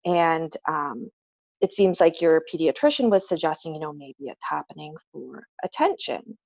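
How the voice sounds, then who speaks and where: A woman's voice: sits low, sing-song, normal speed, a little mellow, dry recording. A woman working as a behavior analyst, explaining patiently with everyday examples in a casual podcast chat. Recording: dull, slightly lo-fi dry recording.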